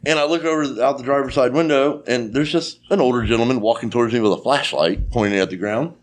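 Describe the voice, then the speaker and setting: A man's voice: medium pitch, fast. A man telling a long story in a casual chat, swearing freely and acting out the dialogue. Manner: profane, animated storytelling with quoted dialogue.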